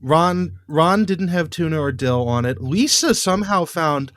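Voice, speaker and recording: A man's voice: on the high side, animated, measured pace, a bit bright, no room sound, clean studio sound. A man co-hosting a podcast, recapping in a rambling, exasperated way with many fillers. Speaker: podcast co-host. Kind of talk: casual recap chat.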